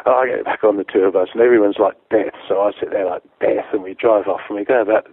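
A man's voice: on the low side, steady tone, quick pace, breathy edge, no echo. Sweary man, tinny phone-like sound. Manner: profane, laughing, acts out others' lines. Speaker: musician telling a tour story. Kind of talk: casual anecdote, sweary storytelling.

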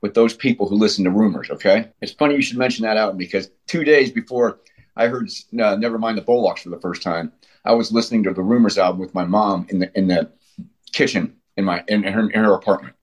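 A middle-aged man, a punk band frontman, talking bluntly and profanely in a casual interview, telling stories with animated emphasis. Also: fairly low pitch, fast talker.

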